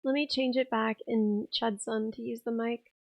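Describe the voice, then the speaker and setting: Hoarse, raspy young woman streaming. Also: a little high, steady tone, moderate pace, a little mellow, no echo. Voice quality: rough, raspy voice. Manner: chatty, giggly, reads chat aloud. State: hoarse, tired voice. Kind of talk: casual live-stream chat.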